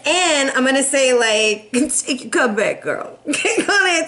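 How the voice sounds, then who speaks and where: Sassy high-voiced woman reading tarot. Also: normal speed, a little hiss or hum. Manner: animated and sassy, laughs often, playful. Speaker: tarot reader.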